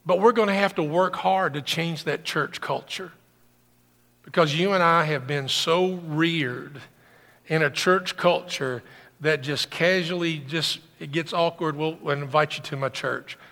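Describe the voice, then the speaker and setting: A male pastor delivers an impassioned sermon in a raised, somewhat high voice with a gravelly edge. His tone is bright and forceful. The sound carries a long hall reverb, as in a church sanctuary. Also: measured pace. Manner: impassioned preaching that swells loud and high.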